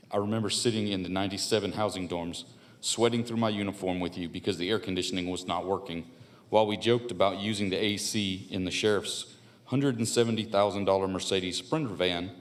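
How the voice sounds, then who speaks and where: An older man with a slightly low voice reads a prepared statement into a podium microphone. He is earnest and measured, coming back again and again to a solemn refrain. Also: steady tone. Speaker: public commenter. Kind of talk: reading a prepared public statement. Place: county board meeting room at a podium.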